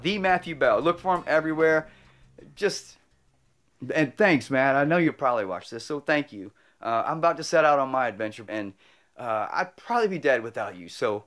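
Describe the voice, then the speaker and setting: A man's voice: fairly high pitch, a bit bright. A man telling a heartfelt personal story in an earnest, rambling way, full of restarts and growing emotional. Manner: emotional, choking up. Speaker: motorcycle travel vlogger.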